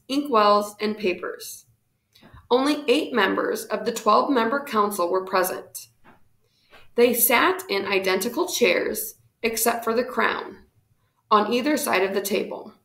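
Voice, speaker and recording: Woman, storybook reading, measured pace, higher voice, roomy echo. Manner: steady, measured narration. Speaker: narrator.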